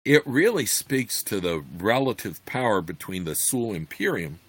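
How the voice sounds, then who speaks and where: A man reading a fantasy novel aloud, then pausing to comment on it in a hesitant, filler-heavy way. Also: lowish voice, very animated, fairly bright tone, husky, dry recording. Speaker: reader and commentator.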